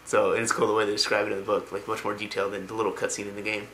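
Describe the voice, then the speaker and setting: A man's voice: fairly low pitch, little pitch movement, racing, bright, forceful tone, slight background noise. A man casually retelling video game lore, rambling with lots of ums and likes. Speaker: lore explainer.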